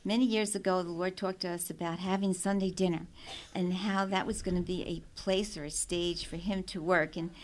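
A woman author, a guest, answering casually about her book in a musing way with pauses. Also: lowish voice, fairly even intonation. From Italian family.

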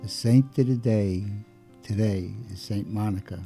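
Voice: medium pitch, a little slow, dark tone, soft background music. A radio co-host chatting casually and eagerly, building emphasis.

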